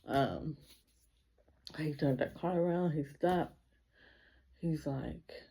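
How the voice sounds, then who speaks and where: A woman's voice: low voice, takes it slowly, creaky, long pauses, mellow, slightly rough. A woman telling a personal story in a casual vlog, speaking emotionally and filling her sentences with repeated 'like'. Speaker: vlogger.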